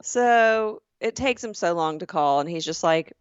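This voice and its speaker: A woman with a Southern US accent, co-hosting a podcast and telling a story in an animated way, acting out the voices. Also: lowish voice, a little slow, smooth, dry recording, muffled recording. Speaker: podcast co-host. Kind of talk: casual chat.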